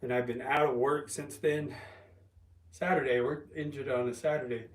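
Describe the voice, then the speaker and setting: A man chatting casually on a livestream, rambling and halting with ums and restarts while resting an injured calf. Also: mid-range voice, fairly even intonation. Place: home, lifting weights while streaming. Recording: roomy, from a distance.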